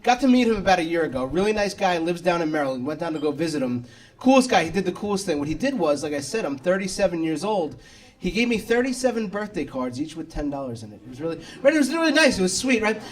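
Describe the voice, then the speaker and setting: This thirtysomething New Yorker is doing a stand-up set at a comedy club, firing off brash jokes at his own expense. He talks fast in a high-pitched, sing-song voice while the crowd laughs in the background.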